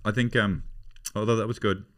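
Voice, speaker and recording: A middle-aged man from Ireland hosts a podcast of casual comedic chat, rambling through funny stories and slipping into put-on voices for the anecdotes. His voice is on the low side, steady in tone, and a little fast.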